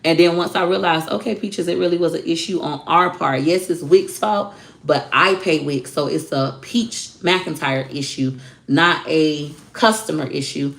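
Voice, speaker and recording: A woman's voice: deep voice, normal speed, creaky. A woman who teaches online social media classes, speaking bluntly and animatedly in a casual livestream talk. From Florida.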